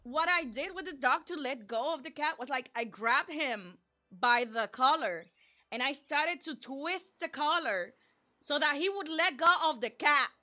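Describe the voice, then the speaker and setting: A woman streamer telling a personal story in an animated, chatty way, acting out the dialogue and saying "like" often. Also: high voice, a little slow. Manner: animated, acts out dialogue, frequent "like". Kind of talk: casual storytime.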